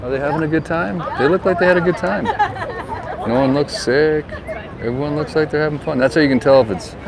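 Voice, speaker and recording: A man with a mid-range voice chats casually while walking and filming a seaside town, passing along friendly tips like a tour guide. He's a vlogger and real estate agent, narrating outdoors by a harbor and along a town street, and the audio is poor, with street noise.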